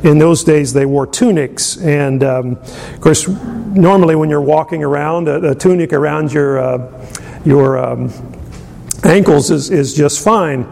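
A man preaching a conversational sermon, chuckling often and filling pauses with ums and uhs. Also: gravelly, darkish tone. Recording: long hall reverb, faint rumble.

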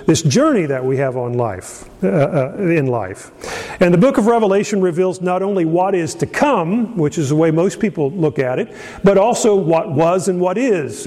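A middle-aged pastor from Indiana preaches a sermon in a friendly, storytelling way. He pauses with fillers and restarts often, and his voice sits a little high. A long reverb from the hall trails after his words. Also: dark tone. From Indiana, USA.

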